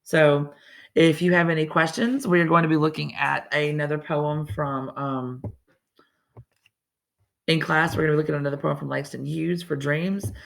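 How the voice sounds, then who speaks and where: A woman's voice: sits low, steady tone, normal speed, creaky. A woman teacher, giving a casual, chatty recorded lesson and often restarting her sentences.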